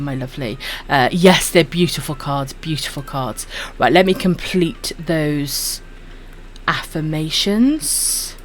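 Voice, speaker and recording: A Welsh woman with a husky voice and a dry throat streams a game, chatting casually and affectionately to her viewers, whom she calls "my darlings." Her voice sits low and her pace is slow.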